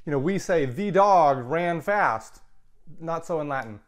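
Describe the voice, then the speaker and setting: Man teaching a Latin lesson, slightly high voice. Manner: explains step by step, repeats key words slowly. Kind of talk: recorded classroom lecture.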